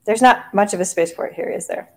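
A woman sits at a tabletop game, chatting playfully and laughing often. Her voice sits at a medium pitch. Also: fast, darkish tone. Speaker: player. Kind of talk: casual tabletop gaming chat.

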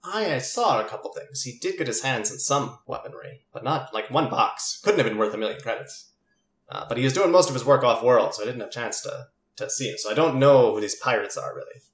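A man's voice: mid-range voice, expressive, a little fast, natural voice. A sneaky, eager young man who rambles and trips over his own sentences, as a man plays him. The voice sits in a roomy, echoing space. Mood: earnest. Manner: rambling, hesitant, full of restarts. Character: young male cousin, sneaky, eager, chatty. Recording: roomy echo.

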